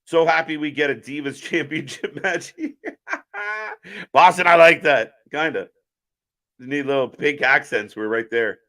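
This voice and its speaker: A man's voice: on the high side, normal speed, sharp tone. A man hosting a live stream, chatting casually as he calls the action and answers viewer chat. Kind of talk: casual live wrestling watch-along commentary.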